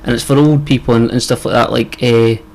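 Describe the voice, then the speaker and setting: A young Scottish man co-hosting a casual podcast, his voice sitting at an ordinary middle pitch. He rambles through his points with plenty of fillers, restarts and offhand swearing. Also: steady tone, brisk, a little mellow, poor audio. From Scotland. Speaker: podcast co-host. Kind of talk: casual chat.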